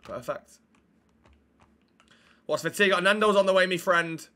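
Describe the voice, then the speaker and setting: A young man talks to his live chat while playing a game. His voice sits a touch high and rings very bright. His delivery is blunt, sweary banter into a desk mic. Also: measured pace. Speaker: streamer.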